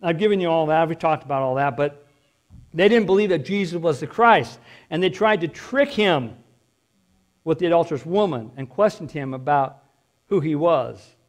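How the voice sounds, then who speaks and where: A man's voice: on the high side, animated, moderate pace. A male pastor preaching a sermon in a conversational, emphatic way, throwing out rhetorical questions.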